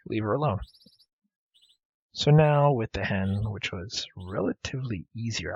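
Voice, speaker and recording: Gravelly, husky man chatting over a game. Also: fairly low pitch, no room sound. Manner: chatty, punning, self-deprecating. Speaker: let's play host. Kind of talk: game commentary. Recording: dull lo-fi recording with faint game music.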